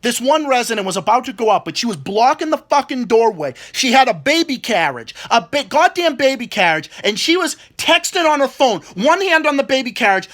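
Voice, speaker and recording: Swearing young man ranting, high and lively. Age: 20s. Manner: swears constantly, repeats words, mimics people in quotes. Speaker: vlogger. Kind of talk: angry rant.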